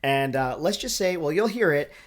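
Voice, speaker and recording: A man hosting a film podcast, speaking in a relaxed way and addressing listeners directly. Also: fairly high pitch, normal speed. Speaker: podcast host. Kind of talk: casual film podcast chat.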